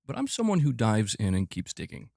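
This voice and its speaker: A man putting on a slow, measured, earnest voice to mimic a middle-aged male game executive reading an interview. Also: on the low side, wildly swooping pitch, vocal fry, a little mellow, dry recording, clean studio sound, heavily acted.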